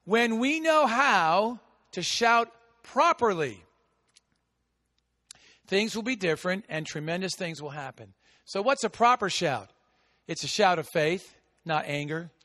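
A man preaching a sermon as pastor, with a big voice that swings from shouting to hushed asides. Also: sits high, expressive, unhurried, long pauses, big-room sound. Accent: American. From United States.

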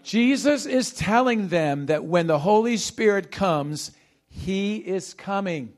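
A male pastor preaching a sermon, leading call-and-response with his congregation and shifting between quick bursts and slow, stressed phrases. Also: sits high, expressive.

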